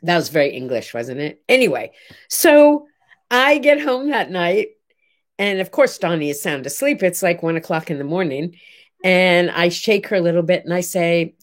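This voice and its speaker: An older woman telling an animated personal story in a chatty way, acting out the people she quotes. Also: lowish voice, normal speed. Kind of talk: casual storytelling monologue.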